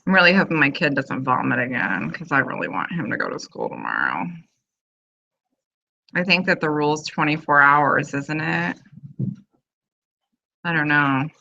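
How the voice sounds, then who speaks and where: A woman's voice: low-pitched, sing-song, normal speed, vocal fry, long pauses, pushed and bright, muffled recording. A woman in her thirties hosting a casual video chat from home, rambling with lots of fillers. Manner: chatty, rambling, full of fillers. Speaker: host of a live video chat.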